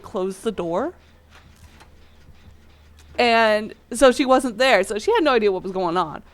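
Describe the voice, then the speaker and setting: A woman telling a childhood story in a rambling, casual way while playing a game, with many fillers. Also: a little high. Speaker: gaming channel host.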